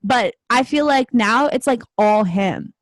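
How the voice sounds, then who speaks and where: A woman's voice: on the high side, animated, unhurried. A woman co-hosting a podcast in casual chat, thinking aloud and rambling with many fillers. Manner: thoughtful, rambling with many likes. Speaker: podcast co-host.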